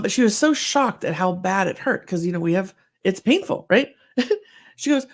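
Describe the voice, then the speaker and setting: A middle-aged woman co-hosting a podcast, chatting casually and telling lively stories, acting out what people said. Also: medium pitch, moderate pace, vocal fry. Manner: chatty storyteller, acts out quotes. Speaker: podcast co-host. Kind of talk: casual chat.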